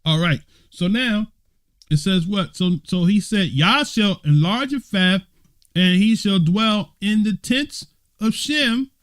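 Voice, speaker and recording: Slow-talking man teaching scripture. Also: high voice, fairly bright tone. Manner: laughing fits, struggling to keep composure; conversational, asks the audience questions. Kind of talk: bible study teaching.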